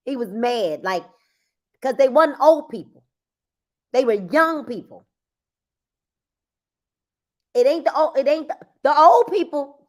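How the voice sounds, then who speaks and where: Woman host, lively and laughing, very expressive pitch. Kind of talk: casual group chat.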